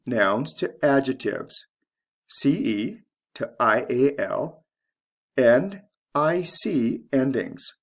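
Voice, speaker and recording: Slow gravelly male English teacher. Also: mid-range voice, lively intonation. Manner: reads word pairs, spells endings letter by letter. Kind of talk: slow, deliberate pronunciation lesson.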